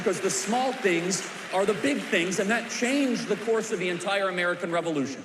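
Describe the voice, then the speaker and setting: At a church civics event in a large auditorium, a man preaches a history story to a live audience, hammering emphatic, repeated punchlines. His voice is high-pitched at a moderate pace with few pauses, over a noisy background in an echoey hall with long reverb.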